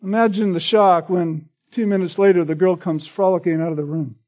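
A man's voice: sits high, steady tone, brisk, a little mellow. A man preaching a sermon in an earnest, emphatic way, often checking in with "right?". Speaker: pastor.

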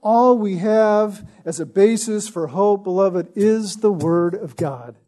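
A man's voice: sits high, slow pace, dark tone. A man preaching a sermon in an emphatic way, reading scripture and often asking "right?". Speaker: pastor.

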